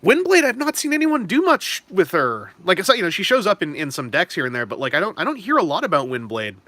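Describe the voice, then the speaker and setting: A chatty young man hosts a live stream, answering questions in a loose, rambling way. His voice is bright and sits a little high. The sound is close and dry. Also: huge pitch swings, fast talker, no room sound. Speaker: stream host. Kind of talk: casual live-stream chat about toys and trading cards.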